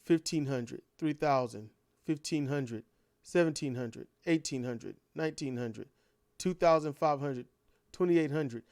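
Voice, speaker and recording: A man's voice: mid-range voice, a little slow, a little mellow, no echo, clean studio sound. A man delivering an impassioned ranting monologue full of repeated rhetorical questions. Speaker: commentator.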